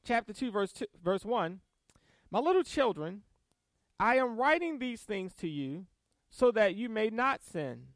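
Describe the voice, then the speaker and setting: A man preaching a sermon, emphatic and animated, reading verses and adding quick asides with soft laughs. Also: high voice, no room sound. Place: church service.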